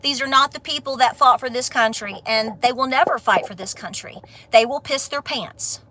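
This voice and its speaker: A woman's voice: high voice, normal speed, pushed and bright, slight background noise. A woman with a Southern Appalachian accent, a homestead vlogger ranting to camera in a folksy, sassy, fired-up way. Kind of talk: casual rant to camera.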